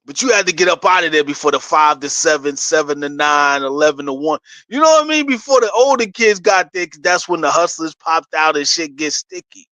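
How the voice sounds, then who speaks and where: A man's voice: fairly high pitch, lively intonation, brisk, hardly any pauses, pushed and bright, no room sound. A middle-aged man with a New York accent, trash-talking casually as a sports fan host, laughing between his points. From New York City.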